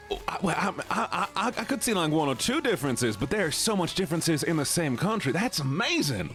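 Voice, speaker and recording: A young man from the United States, a streamer reading chat aloud casually, animated and laughing often. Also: on the high side, brisk, few pauses, soft background music.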